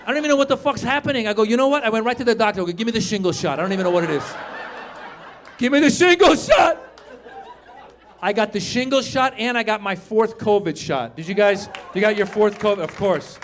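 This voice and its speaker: On a comedy club stage, a man in his fifties delivers an animated stand-up set, working the crowd and acting out characters. His voice is high, he talks fast with hardly any pauses, and the background is noisy.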